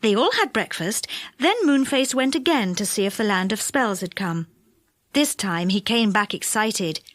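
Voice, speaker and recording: A woman narrating a children's storybook audiobook with lively, expressive delivery. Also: mid-range voice, normal speed, no room sound. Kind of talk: storybook reading. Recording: dry close studio sound.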